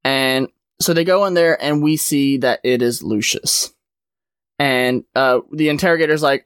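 A man's voice: medium pitch, unhurried, fairly bright tone, clear, resonant tone, no echo, clean studio sound. Man in a casual comic recap. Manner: rambling retelling, many "like" and "uh" fillers. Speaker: podcast host.

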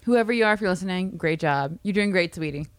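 A woman's voice: on the low side, expressive, fast, clean tone, dry recording. A woman co-hosting a podcast, chiming in with quips and laughter during a casual recap. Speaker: podcast co-host.

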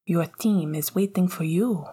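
A charming French hockey coach with a lilting, sing-song accent, played by a woman as a storybook reader. The voice is a bit low and soft-edged, breathy around the words. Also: measured pace. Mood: coaxing. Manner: sing-song, warm, clipped toward rivals. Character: smooth French hockey coach, middle-aged man, charming.

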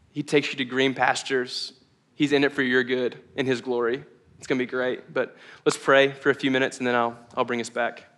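Speaking with a medium-pitched, slightly bright voice, a young man preaches in a conversational, candid style. This pastor's casual sermon is full of moments where he laughs at himself.

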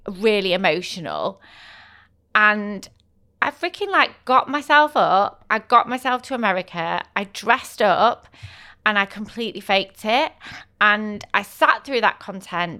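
Chatty English woman, bright clear voice. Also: medium pitch. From England. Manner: chatty and candid, many fillers and asides. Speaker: podcast host. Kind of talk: solo podcast storytelling.

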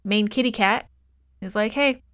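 A woman co-hosting a podcast, recapping a film in a profane, exasperated, animated way. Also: mid-range voice, normal speed, no room sound. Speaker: podcast co-host. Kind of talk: casual movie review chat.

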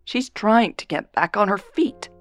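For an audiobook, a woman voices a tipsy, blunt young woman who slurs while sharply and protectively defending her best friend, pitching the character above her own natural voice. Her delivery is medium in pitch, animated and measured, with no room sound and soft music in the background.

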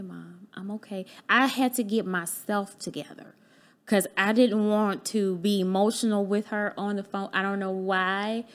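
A woman guest on a podcast talks through a personal story in an earnest, heartfelt way. She acts out what people said to her as she goes, and her voice sits at a middling pitch. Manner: candid, acts out remembered dialogue. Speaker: podcast guest, business owner.

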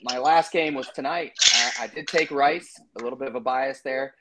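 A man's voice: medium pitch, normal speed, heavy background noise. A man co-hosting a podcast, giving his betting picks in loose, chatty talk full of fillers and asides. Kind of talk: casual sports-betting chat.

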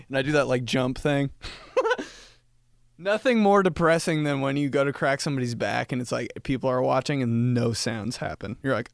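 A young man hosts a podcast and talks in a loose, comedic ramble. His gravelly voice swings widely in pitch and leaps up high whenever he acts out other people. The recording is close and dry. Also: normal speed, pauses often, dry recording. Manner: animated, jumps into high quoted voices, laughs often. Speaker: podcast host. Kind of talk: casual comedic monologue.

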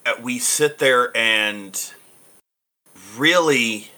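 A man, a teacher, co-hosting a casual podcast chat in a lively, informal way. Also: medium pitch, drawn-out words.

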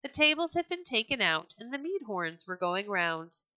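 Bright-voiced woman reading a storybook. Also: medium pitch, very animated, normal speed, no room sound, rough recording. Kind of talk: scripted storybook narration.

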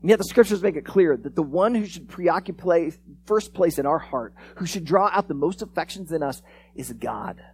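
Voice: mid-range voice, normal speed, a little hiss or hum. A preacher giving a conversational sermon, telling stories and acting out the lines of the people in them. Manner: animated storyteller, acts out quoted lines; conversational, frequent restarts and "like". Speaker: pastor. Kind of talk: sermon with storytelling.

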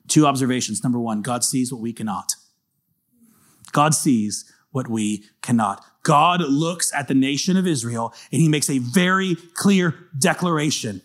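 A man preaching a sermon as pastor, chatting casually, then reading scripture slowly and building to shouted intensity. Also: mid-range voice. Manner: reads scripture slowly and dramatically.

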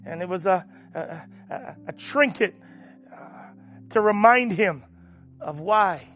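A man preaching as a pastor, swinging from loud urging to hushed storytelling. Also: sits high, expressive, unhurried, faint music behind. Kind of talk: sermon.

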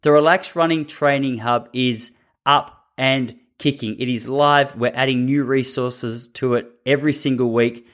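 A man hosts a running podcast in a mid-pitched voice. He talks in an upbeat, chatty way, slipping in jokes as he goes. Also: fairly even intonation, a little slow, fairly bright tone. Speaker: podcast host. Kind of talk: casual podcast chat.

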